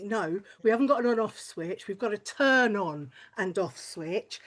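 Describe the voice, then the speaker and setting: A woman's voice: medium pitch, animated, normal speed, hardly any pauses. Crude chatty woman comedian. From lives in Wales, not Welsh-born. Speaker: stand-up comedian. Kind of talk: stand-up routine.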